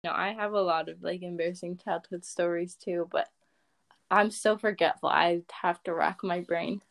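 A woman's voice: lowish voice, steady tone, normal speed, creaky. A woman guest on a podcast, chatting casually, teasing the host and giving frequent brief replies. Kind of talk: casual chat.

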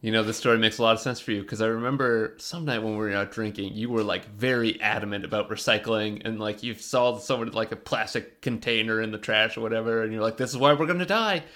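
Relaxed man in casual chat. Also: fairly low pitch, fast talker, few pauses.

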